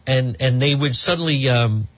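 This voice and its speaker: A man's voice: medium pitch, normal speed, no echo. A man in his fifties giving a rambling, gossipy commentary monologue as a talk show host, with many ums and restarts.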